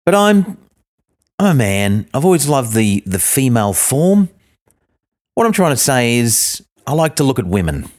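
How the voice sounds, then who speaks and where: A middle-aged Australian man telling a swearing, ranting comic story, breaking into high outbursts. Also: big pitch swings, moderate pace, darkish tone. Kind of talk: comic monologue.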